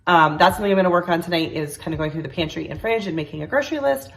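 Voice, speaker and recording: A woman's voice: on the low side, racing, creaky. A woman in her thirties from New York, chatting casually in her kitchen while cooking, a bit congested with a slightly nasal voice. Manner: chatty, rambling, many fillers. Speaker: cooking vlogger. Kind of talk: casual chat. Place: home kitchen.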